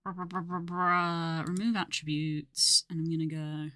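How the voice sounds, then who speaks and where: A woman's voice: lowish voice, level tone, normal speed, pushed and bright, no room sound. A young woman streaming live, chatting casually and commenting on her work while she edits a video.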